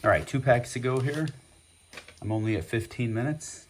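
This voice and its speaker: A man's voice: mid-range voice, moderate pace, a little hiss or hum. A man hosting a casual vlog, chatting and rambling with many fillers as he opens packs of cards. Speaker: host. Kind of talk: casual card-opening vlog.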